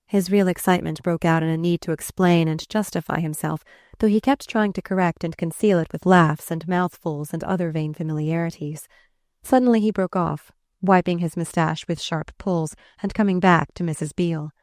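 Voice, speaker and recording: A woman's voice: lowish voice, no echo, clean studio sound. Woman narrating a classic audiobook. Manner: measured, expressive reading.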